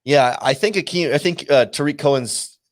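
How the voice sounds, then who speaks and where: A man, a guest analyst on a sports talk show, reasoning aloud in a halting way with many restarts. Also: a little high, no room sound, studio quality. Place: remote call.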